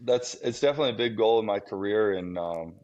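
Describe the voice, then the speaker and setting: A young man guesting on a sports talk show, relaxed and modest in how he answers. His voice sits a bit low and stays easy-going. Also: fast talker, highs cut off. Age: young adult. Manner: laid-back, modest. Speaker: baseball pitcher guest. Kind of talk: casual interview.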